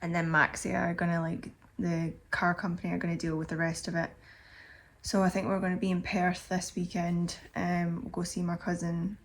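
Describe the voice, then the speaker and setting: A woman's voice: fairly low pitch, completely flat delivery, moderate pace. A woman in her thirties, drained and emotional, rambling candidly in a confessional vlog. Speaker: vlogger.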